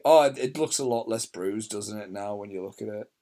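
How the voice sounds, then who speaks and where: A man's voice: fairly low pitch, fairly quick, dark tone. A man chatting casually through a film commentary from bed, rambling and laughing often. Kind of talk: casual chat. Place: lying in bed indoors.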